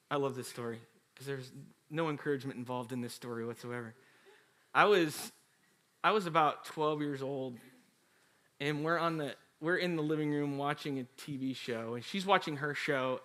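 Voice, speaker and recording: A man preaching a sermon as a pastor, telling a story in a chatty way, acting out quotes and talking straight to the congregation. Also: fairly high pitch. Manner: animated storytelling with acted quotes; chatty, addresses the congregation directly.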